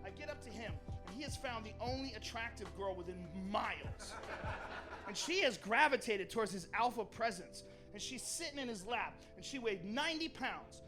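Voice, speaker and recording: A man doing stand-up, telling a crude story in an animated way and acting out the characters. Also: high-pitched, moderate pace, music in the background. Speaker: stand-up comedian.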